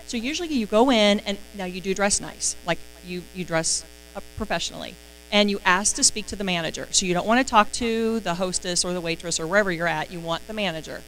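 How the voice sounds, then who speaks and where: A woman giving a casual, chatty sales training talk, excitable and full of fillers. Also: medium pitch, slight background noise, low-quality recording.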